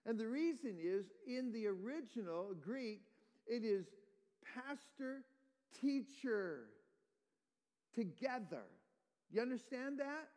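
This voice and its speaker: Pastor, male, high voice, teaching sermon with questions to the pews, long church reverb. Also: lively intonation, slow pace, long pauses, darkish tone. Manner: explains verse by verse, quizzes the congregation. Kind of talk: expository sermon.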